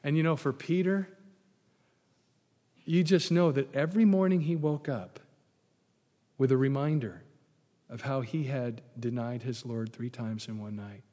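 Animated preacher man in a reverberant hall. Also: medium pitch, a little slow, pauses often. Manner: animated storytelling with sarcastic asides. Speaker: pastor. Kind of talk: sermon.

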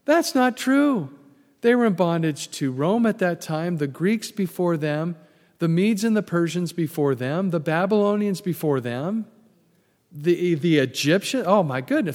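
Pastor guy preaching, gets loud and punchy then goes soft, big echoey hall. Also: high-pitched, measured pace. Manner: animated, rising to loud emphatic peaks then dropping to soft prayer. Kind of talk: sermon. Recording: long hall reverb.

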